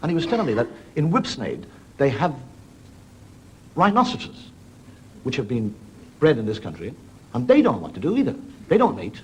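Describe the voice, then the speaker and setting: A man's voice: medium pitch, wildly swooping pitch, normal speed, pauses often, a little hiss or hum. A middle-aged man hosting a television comedy show, telling wandering, dry anecdotes in front of a studio audience. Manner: dry, wandering anecdotes with put-on voices for characters. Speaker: comedian host. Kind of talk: stand-up storytelling monologue.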